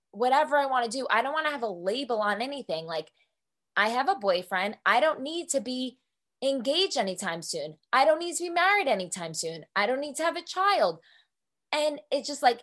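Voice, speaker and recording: A woman's voice: a little high, a bit bright. Candid, swearing young woman podcaster. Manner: candid, emotional, swears freely. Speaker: podcast co-host. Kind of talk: casual solo podcast chat.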